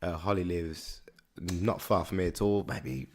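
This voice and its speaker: A man with a Birmingham accent chats on a podcast in a low voice. He rambles and repeats himself while he works out what he means. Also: steady tone, unhurried. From Birmingham, England. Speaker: podcast co-host. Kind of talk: casual chat.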